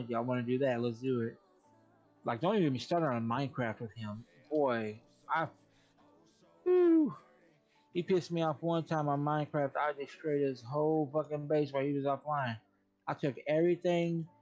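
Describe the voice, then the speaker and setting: A man with a slightly high voice tells gaming stories on a stream, swearing freely and laughing as he goes. The audio is dull and lo-fi. Faint music plays behind him. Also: darkish tone. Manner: profane, laughs often while telling stories. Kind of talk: casual gaming story chat.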